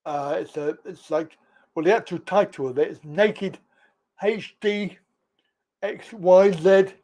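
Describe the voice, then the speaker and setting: A chatty man hosting a live call-in show, his voice sitting high for a man. He talks slowly and unhurriedly, padding his lines with fillers and easy laughter. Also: darkish tone. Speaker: host of a live call-in stream. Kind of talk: casual chat with callers.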